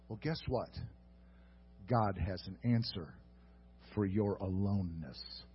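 A man preaching slowly and deliberately, his voice somewhat husky. He is earnest, swinging between hushed reflection and fervent urging. The audio is dull and lo-fi. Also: lowish voice, lively intonation. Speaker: pastor. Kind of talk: sermon.

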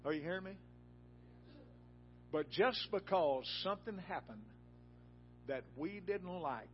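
A man preaching a sermon in a church, telling a folksy personal story that rises to loud, emphatic peaks. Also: high-pitched, animated, measured pace, pauses often, lo-fi sound, soft background music.

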